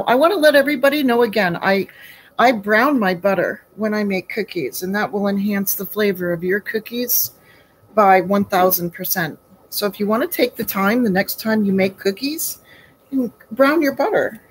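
A woman's voice: mid-range voice, normal speed, breathy edge, rough recording. A woman hosting a casual live baking stream from her home kitchen, chatty and folksy, greeting viewers by name.

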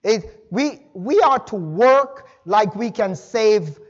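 A man's voice: high-pitched, expressive, takes it slowly, muffled recording. A male pastor preaching a sermon in a conversational, folksy way, with chatty asides to the congregation. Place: church sanctuary.

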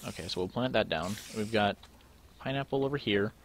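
A young man with a fairly low voice talks his way through a game, musing aloud as he sorts and checks things. It is loose, casual play-along commentary with a faint hum of ambience underneath. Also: brisk. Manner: thinking aloud, musing to himself while sorting items. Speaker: let's play gamer.

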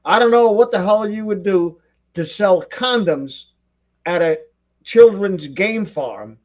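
Guy guest on a podcast, slightly high voice, rambles on with suspicious stories. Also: lively intonation, takes it slowly, a little mellow. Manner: rambling storyteller, conspiratorial, hesitant restarts. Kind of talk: casual conversation.

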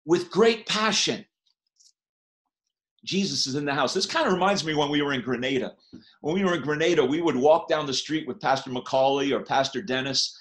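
High-voiced impassioned preacher man. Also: moderate pace, fairly bright tone. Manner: impassioned, rising to cries when quoting. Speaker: pastor. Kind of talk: sermon. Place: church.

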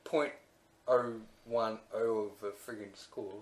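A man's voice: fairly low pitch, steady tone, takes it slowly. A man co-hosting a casual chat who playfully needles the others and laughs often. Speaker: podcast co-host. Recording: echoey room, faint noise.

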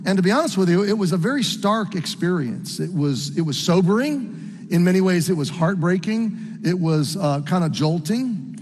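Man, pastor, middle-aged, american, earnest, halting, high voice, hall reverb. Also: lively intonation, darkish tone, breathy edge. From United States. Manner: earnest, halting with restarts and fillers. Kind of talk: sermon storytelling.

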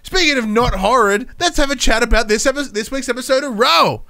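Energetic man, bright crisp voice. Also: very high-pitched, brisk. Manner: energetic, enthusiastic delivery. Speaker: podcast co-host. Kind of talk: casual podcast chat.

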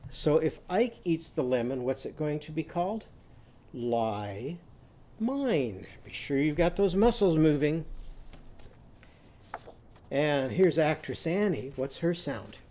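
A man with a fairly high voice leads a children's phonics lesson. He talks slowly and patiently, drawing out each syllable and cheering the listener on to say it first. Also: mellow. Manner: slow, encouraging, sounding out syllables. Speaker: teacher.

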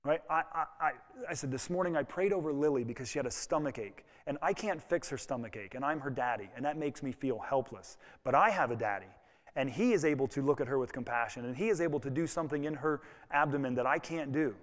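A man's voice: medium pitch, fast talker. A male pastor preaching a sermon to his congregation in a conversational, folksy way, with personal asides. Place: church sanctuary with congregation. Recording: long reverb of a church hall.

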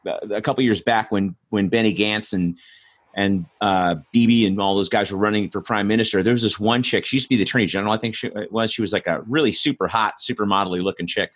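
A man's voice: lowish voice, fairly even intonation, fast. Rambling male podcast host. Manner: rambling, many restarts and fillers. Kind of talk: casual interview conversation.

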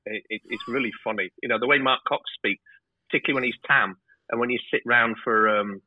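A man's voice: medium pitch, fast talker, husky. A man who works as a TV director, chatting as a podcast guest, telling stories and often stumbling over and repeating his words. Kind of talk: casual interview storytelling. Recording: tinny phone-like remote line.

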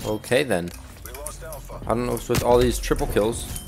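A man's voice: medium pitch, steady tone, normal speed, vocal fry. A man casually commentating his own shooter gameplay, swearing and mocking himself. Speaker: gamer. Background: game music and gunfire.

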